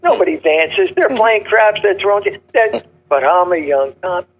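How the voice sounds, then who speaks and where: An older man telling comedy stories in a punchy, joke-driven way, acting out gruff characters. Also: high voice, lively intonation, unhurried, narrow, tinny audio. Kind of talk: casual storytelling interview.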